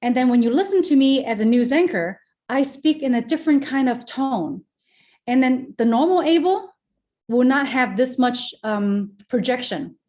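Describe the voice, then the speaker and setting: A woman in her thirties, a presenter and speaking coach, talking in an animated, projecting way on a remote call interview, explaining with examples. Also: sits high, moderate pace. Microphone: remote call mic.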